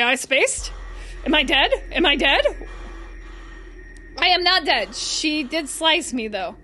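A woman streaming a horror game live, chatting to her viewers in an excitable, squeaky voice. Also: slow pace, long pauses, slight background noise. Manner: excitable, chatty, talks to chat. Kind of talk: live gameplay commentary.

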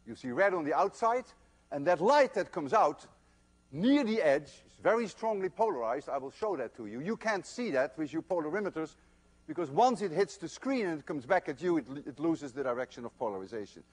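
Older male lecturer, emphatic storyteller, voice a bit high, highly varied intonation. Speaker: physics lecturer. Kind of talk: university lecture. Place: lecture hall.

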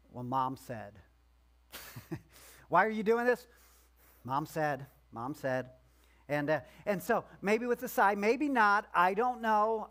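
High-voiced pastor joking through a sermon. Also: male voice, a bit bright. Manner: conversational, joking, acts out voices of the story figures. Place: church.

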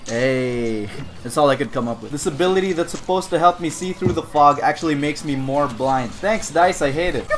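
A man doing loud, excitable gameplay commentary with friends, swearing and yelping as he plays. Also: a little high, normal speed, a little hiss or hum. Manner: loud, excitable, swearing, bursts into yelps and jokes. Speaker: gaming video host. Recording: game music behind voice.

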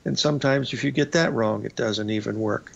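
A male radio host offers casual market commentary over charts, folksy and rambling, with a raspy voice and frequent "uh" and "folks." He speaks briskly at medium pitch, and the lo-fi broadcast audio sounds slightly dull.

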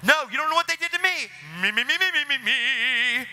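A man's voice: very high voice, expressive, brisk, bright, forceful tone, pitched above the performer's own voice, heavily acted. A man voicing a whiny, self-pitying person who insists everyone else is to blame. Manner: whining, insistent. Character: whiny self-pitying adult blaming others.

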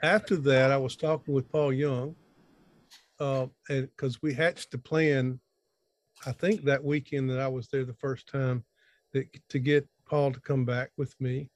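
A man's voice: mid-range voice, little pitch movement, a little slow, no room sound. A middle-aged man giving an informal, sermon-style talk over a video call, folksy and rambling, often restarting his sentences. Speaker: conference speaker.

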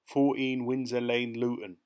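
A man voicing a sly, rat-faced male hitch-hiker with a soft, oily voice. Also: mid-range voice, flat delivery, unhurried, clean tone, lightly acted. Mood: innocent.

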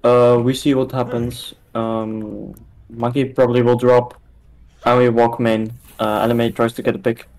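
A young man in casual team voice chat, speaking at a middle pitch over a headset. He calls the plan in stops and starts, leaning on "uh" and "um" as he thinks. The delivery stays easygoing and unscripted. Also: level tone, darkish tone, rough recording. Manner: halting, filler-heavy strategy calling. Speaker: team shot-caller in a practice match.

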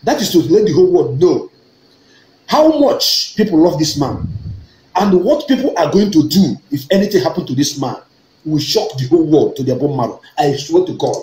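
A Nigerian man delivering an emphatic political address, repeating key phrases and swinging to high-pitched outbursts. His voice sits a little high for a man and is animated. The recording has a roomy echo with a faint hum of ambience underneath. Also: moderate pace. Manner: emphatic, repetitive, rising to fervent outbursts. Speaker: online activist broadcaster. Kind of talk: impassioned political talk.

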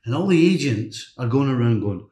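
A middle-aged man tells stories from his coaching days as a podcast guest. He talks at an ordinary pitch in a casual, lively way and breaks into other people's voices for quotes. The sound has a roomy echo. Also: normal speed. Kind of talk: casual storytelling chat. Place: hotel room podcast set.

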